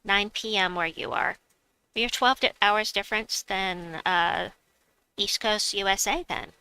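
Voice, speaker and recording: A woman's voice: mid-range voice, measured pace, sharp tone, smooth, low-quality recording. A woman streaming a game, chatting casually, reading viewers' messages aloud and laughing often. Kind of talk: casual live-stream chat.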